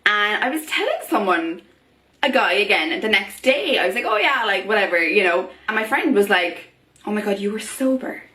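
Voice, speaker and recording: A woman's voice: mid-range voice, lively intonation, normal speed, pushed and bright. A young woman vlogging in a chatty way, full of fillers, acting out the voices of people she quotes. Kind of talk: casual talk to camera. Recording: echoey room.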